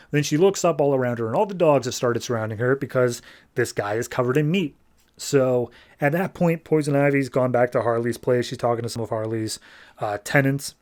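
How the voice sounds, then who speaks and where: A man hosting a podcast, recapping a comic issue in a loose, rambling way with plenty of fillers. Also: moderate pace. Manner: briefly shifts pitch for quoted characters. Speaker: podcast host. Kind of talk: casual comic book recap.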